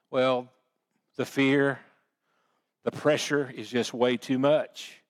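A man's voice: medium pitch, lively intonation, takes it slowly. A man preaching a sermon, telling the story in a folksy, homespun way. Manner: folksy storytelling with baseball analogies.

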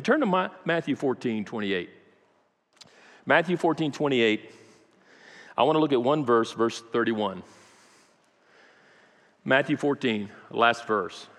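A man preaching a sermon in a church, telling a story with dramatic rises and joking asides to the congregation. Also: medium pitch. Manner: dramatic storytelling with acted quotes, rising to loud peaks. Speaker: pastor. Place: church sanctuary. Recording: long reverb of a large church.

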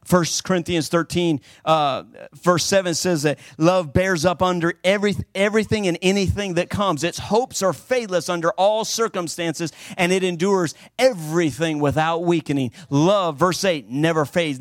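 A man preaching a sermon with fervent emphasis, swinging between loud declarations and hushed passages. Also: on the high side, moderate pace, no echo, studio quality.

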